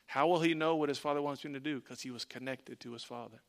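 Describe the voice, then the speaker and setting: A man preaching a sermon as a pastor, emphatic, repeating lines and dropping to a hush for weight. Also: mid-range voice, fast.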